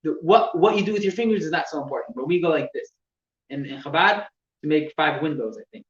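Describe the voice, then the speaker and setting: A man teaching religious laws to a class, explaining step by step with halting repeats and gestures. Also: a little high. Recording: echoey room, distant mic, dull sound with faint noise.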